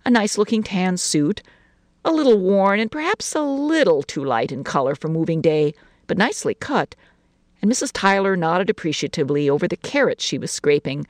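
A woman narrating a short story in an expressive, lilting reading voice. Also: fairly low pitch, a little fast, dry recording, studio quality.

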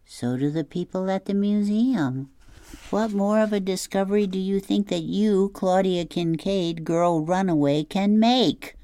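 A woman's voice: medium pitch, measured pace, warm tone, no echo, voice pushed up, close to an everyday voice. A woman voicing a practical young boy with a matter-of-fact, teasing way of talking.

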